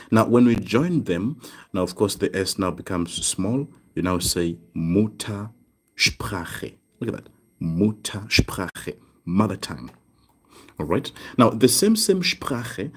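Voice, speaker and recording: A man teaching a live online German lesson, explaining slowly and checking in with "right?" as he repeats each word. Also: low-pitched. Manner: slow, repetitive explaining with frequent "right?" checks.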